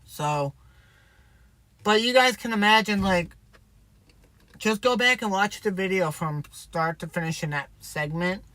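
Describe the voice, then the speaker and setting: A man's voice: high-pitched, unhurried, pauses often, bright, forceful tone, no echo, rough recording. A man, a truck driver, chatting candidly on a livestream and telling a story in a rambling way. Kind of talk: livestream chat.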